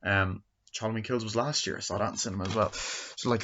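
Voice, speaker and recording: A young man in his twenties talks a little fast in a fairly low, steady, slightly bright voice while reviewing a film in his bedroom. His take is rambling and full of swearing, with scenes acted out in a raised voice, on a dull lo-fi recording.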